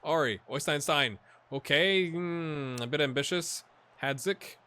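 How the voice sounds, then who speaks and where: A man hosting a gaming video, chatting and reacting excitedly as he plays a football management game. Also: fairly high pitch, measured pace, clear, resonant tone. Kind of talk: live commentary while playing a football management game.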